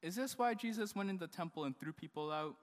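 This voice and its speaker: A man's voice: high-pitched, expressive, fast. A man voicing an eager young male donkey puppet who asks curious, wide-eyed questions. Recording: reverberant church hall.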